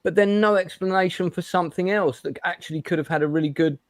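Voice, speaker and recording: A man's voice: high-pitched, quick pace, dry recording, clean studio sound. A man hosting a casual chat show, talking bluntly with lots of fillers and restarts. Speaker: host.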